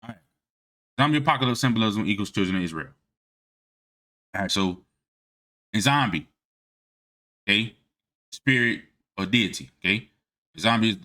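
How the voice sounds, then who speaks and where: A man's voice: low-pitched, bright, forceful tone. A man giving a casual lecture on religious history from notes, informal and emphatic, constantly checking in with his listeners. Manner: informal and emphatic, keeps checking "all right?".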